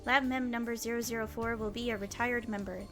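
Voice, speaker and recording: A woman's voice: fairly high pitch, fairly even intonation, brisk, a bit bright, faint music behind, close to an everyday voice. Woman reading as a grandiose young mad scientist. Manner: theatrical, grandiose. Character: eccentric self-styled mad scientist, young man.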